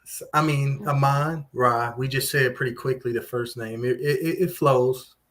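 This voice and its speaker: A man co-hosting a casual sports podcast, relaxed and thinking aloud. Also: mid-range voice, normal speed. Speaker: podcast co-host.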